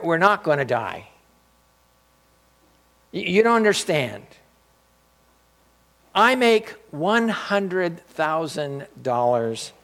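A man voicing a calm, self-assured shipwrecked rich man who speaks unhurriedly. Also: on the high side, exaggerated voice.

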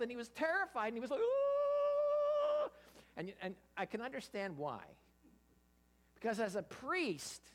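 In a mid-range voice, a preacher delivers an interactive Bible sermon with lots of energy. He quizzes the audience, frequently stammering and starting over as he puts questions to them.

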